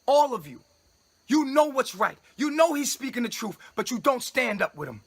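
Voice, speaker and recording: A man's voice: very high-pitched, very animated, normal speed, breathy edge. A man streaming a grandiose, commanding preaching monologue to his followers, scolding them with repeated phrases. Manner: repetitive, scolding tone at listeners. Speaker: self-styled spiritual leader addressing followers.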